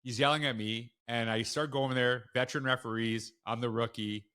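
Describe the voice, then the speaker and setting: A man speaking as a guest on an interview podcast, with a bright and forceful tone. He tells his stories frankly and with animated emphasis. His pitch sits in a middle range for a man. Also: normal speed, smooth. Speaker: school leader guest. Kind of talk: conversational storytelling.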